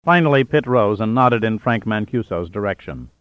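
A man narrating an audiobook in a steady, even storytelling manner. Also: on the low side, moderate pace, dry recording, highs cut off. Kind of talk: scripted narration.

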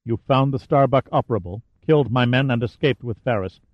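A man voicing a gaunt giant villain who speaks in a cold, calm, clipped way, on a dry, slightly dull recording. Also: medium pitch, a little fast, dry recording, natural voice.

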